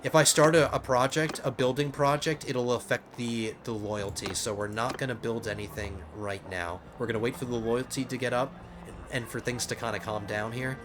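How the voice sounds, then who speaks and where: Excitable man narrating his gameplay. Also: mid-range voice, normal speed, background noise. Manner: excitable, thinks aloud, restarts often. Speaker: let's play host. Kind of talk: casual gameplay commentary. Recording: game music playing under the voice. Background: game music.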